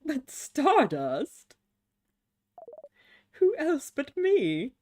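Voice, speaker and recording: A woman's voice: high voice, huge pitch swings, extremely slow, darkish tone, voice pushed up, exaggerated voice. A woman reading aloud the lines of a mocking, theatrical star-like being in a video game, with a dramatic, taunting delivery. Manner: dramatic, taunting, mock-wounded.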